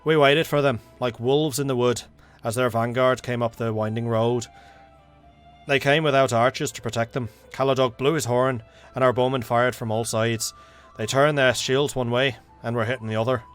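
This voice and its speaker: A man's voice: medium pitch, steady tone, normal speed, a bit bright, soft background music, natural voice. A man voicing a boastful old male warrior who tells battle tales in a put-on Irish accent that he does poorly. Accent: put-on Irish accent, poorly done. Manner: storytelling, proud and rousing.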